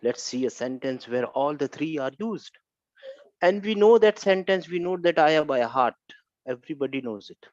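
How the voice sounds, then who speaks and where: A man's voice: a little high, lively intonation, moderate pace, darkish tone, dry recording, lo-fi sound. A man teaching an Arabic grammar class online, questioning students and repeating key phrases.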